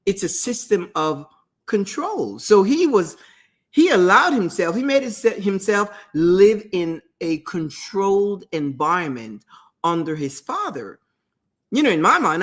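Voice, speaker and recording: A woman hosting a talk show, retelling a parable in a conversational way, with restarts and asides. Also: lowish voice. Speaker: host. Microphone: streamed talk show mic.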